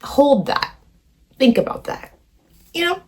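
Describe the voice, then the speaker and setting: A young woman talking to her phone camera in a warm room at home, giving animated, encouraging advice in a chatty way full of "you know" and "okay". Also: high voice, slow pace. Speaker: vlogger. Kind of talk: casual motivational talk to camera.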